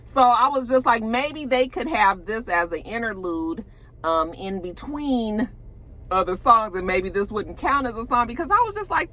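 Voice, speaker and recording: Animated woman recapping reality TV. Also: on the high side, normal speed. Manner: animated storytelling, acting out quotes, cursing, laughing. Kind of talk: casual episode recap.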